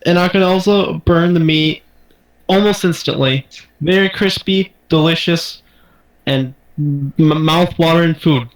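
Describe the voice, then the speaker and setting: A young man pitches himself in a joking improv game with flat, repetitive rambling. His voice is a touch high, and the room adds a noticeable echo. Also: measured pace. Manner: deadpan, rambling, repeats himself. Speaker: player in an improv party game.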